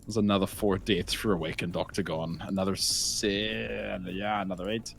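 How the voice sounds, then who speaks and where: A man casting a tournament match live in casual commentary, excitable, laughing often and reading chat aloud. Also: low-pitched, moderate pace, vocal fry, faint music behind. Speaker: esports caster.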